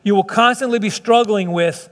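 A man's voice: sits high, normal speed, fairly bright tone, big-room sound. A man preaching a sermon as pastor, talking in a folksy, conversational way with repeats and asides.

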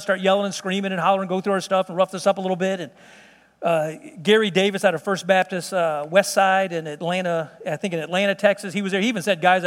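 A man giving an animated sermon testimony, telling a story with laughs and exclamations. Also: high-pitched. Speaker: preacher. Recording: hall reverb.

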